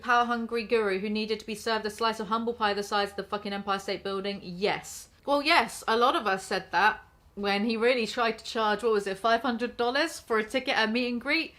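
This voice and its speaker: A woman's voice: on the high side, a bit bright. A young woman ranting through a sarcastic, blunt commentary and swearing freely. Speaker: commentary YouTuber. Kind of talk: reaction commentary rant.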